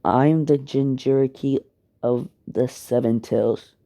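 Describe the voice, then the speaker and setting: A man voicing a guarded, lonely teenage girl ninja in a fan story, speaking haltingly. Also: mid-range voice, fairly even intonation, gravelly, mellow. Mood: hesitant.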